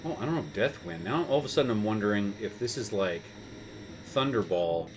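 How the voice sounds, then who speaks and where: A man's voice: fairly low pitch, expressive, brisk, background noise. A man in his thirties, host of a gaming show, telling a rambling story with chuckles while playing a video game. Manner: rambling, chuckling, with many fillers and restarts.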